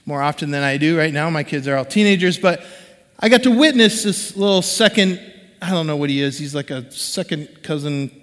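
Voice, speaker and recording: A man in his forties with a high voice, preaching a sermon as a pastor. He talks conversationally and animatedly, slipping into the voices of the people he quotes. His voice rings with the long reverb of a large church hall. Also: expressive, brisk.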